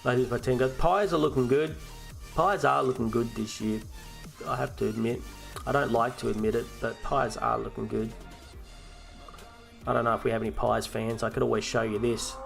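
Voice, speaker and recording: Gravelly Australian man ranting casually. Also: mid-range voice, steady tone, normal speed, a bit bright, soft background music. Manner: ranting and swearing, with frequent restarts. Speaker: host of a fantasy football live stream. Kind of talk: casual live-stream chat.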